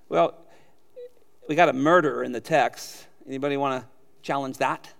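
A male pastor preaching with a fairly high voice and lively delivery. He acts out quotes in character and chuckles often as he talks. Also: unhurried, gravelly, long pauses, big-room sound. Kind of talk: sermon.

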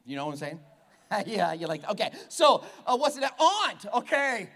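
A pastor in a church, preaching with a playful, teasing edge. His voice sits high for a man and jumps all over the place as he jokes with the congregation. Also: very animated, normal speed, a bit bright. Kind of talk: sermon. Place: church hall with a live congregation.

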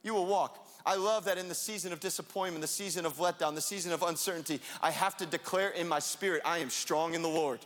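A young man preaching a sermon in a lively, conversational way, now and then rising to a shout. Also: fairly high pitch, fast, few pauses. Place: church sanctuary. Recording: long hall reverb.

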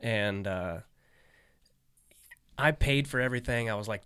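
Laid-back comedian, low and dry. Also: male voice, unhurried, clear, resonant tone, no room sound. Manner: laid-back, swears, animated when quoting friends. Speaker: stand-up comedian. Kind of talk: casual storytelling chat.

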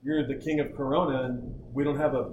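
A man's voice: medium pitch, steady tone, fairly quick, roomy sound, dull audio, background noise. A man hosting a podcast, telling rambling, jokey stories in casual group chat. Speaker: podcast host.

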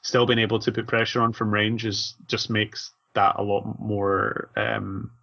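A man co-hosting a casual podcast chat, relaxed and thinking aloud with lots of fillers. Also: fairly low pitch, unhurried, vocal fry. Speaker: podcast co-host and event organizer. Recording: dull lo-fi audio.

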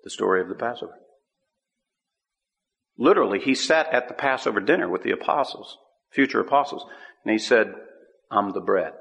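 A man preaching a sermon, teaching scripture with an emphatic, drawn-out cadence. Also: mid-range voice, expressive, vocal fry, a bit bright. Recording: long hall reverb.

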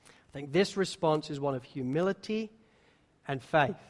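High-voiced preacher in a reverberant hall. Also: male voice, animated, darkish tone. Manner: acts out the disciples' lines in quick voices. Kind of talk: sermon.

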